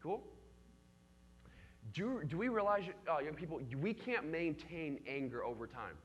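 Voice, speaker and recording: A man's voice: a little high, expressive, measured pace, long pauses, in a large hall. A man leading a church youth group, teaching in an engaging way and calling on the young people by name with questions.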